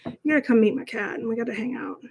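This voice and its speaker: Giggly woman chatting to her stream while she paints at home, kinda high voice, light hiss in the background. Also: quick pace, vocal fry, a little mellow. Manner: chatty, giggly, self-deprecating. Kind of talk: casual live-stream chat while painting. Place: home, at a laptop.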